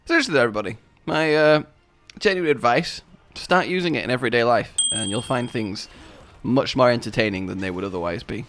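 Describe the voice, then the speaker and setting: A young British man co-hosting a gaming video, bantering in a jokey, theatrical way with bursts of shouting and laughter. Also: mid-range voice, a little fast, soft background music. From Britain. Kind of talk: casual gameplay banter.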